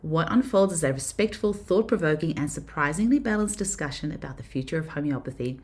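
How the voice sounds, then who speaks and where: A woman hosting a podcast, reading a scripted intro in a measured way that trails off softly at the ends of phrases, then chatting to listeners. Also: deep voice, lively intonation. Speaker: podcast host.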